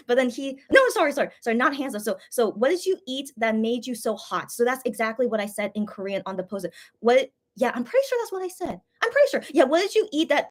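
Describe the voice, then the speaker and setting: Woman, channel host, casual fan chat, gushing and excitable, slightly high voice, rapid talk. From USA. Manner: gushing, excitable, many fillers and restarts. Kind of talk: casual fan storytelling livestream.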